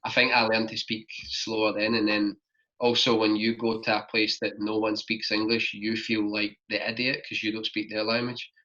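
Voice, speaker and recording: Lowish and flat, at a moderate pace, his voice is bright and forceful. He's a young Glaswegian guest on a podcast, casually rambling through travel stories and filling them with "like," recorded in dull lo-fi quality.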